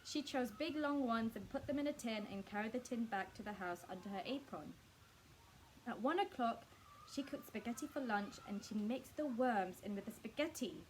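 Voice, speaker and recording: A woman reading a children's book aloud in a staff room, expressive and speaking directly to her young listeners. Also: on the high side, moderate pace, slight background noise, rough recording. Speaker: storyteller.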